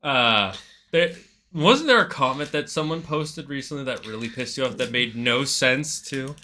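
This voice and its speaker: A man's voice: mid-range voice, lively intonation, moderate pace, sharp tone. A man co-hosting a casual chat, teasing dryly with short replies. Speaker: co-host.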